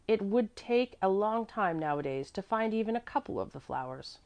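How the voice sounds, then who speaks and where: A woman's voice: medium pitch, animated, normal speed, a little mellow, voice pushed up, close to an everyday voice. A woman reading aloud and voicing a fussy, devoted older woman servant who speaks earnestly and emphatically. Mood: fretful.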